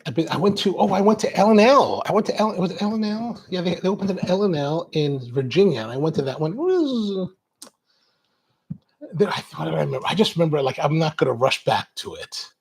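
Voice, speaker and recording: A man's voice: a little high, lively intonation, a little fast, gravelly, a little mellow. A man hosting a coffee show, chatting casually in a rambling way, drifting off on tangents and restarting his sentences. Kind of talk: casual chat.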